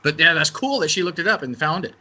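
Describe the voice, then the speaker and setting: A man's voice: on the high side, animated, fast, pushed and bright. A man speaking as a guest on a radio interview, talking casually and rambling, often restarting and correcting himself. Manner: rambling, self-correcting talker. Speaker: event organizer and interview guest.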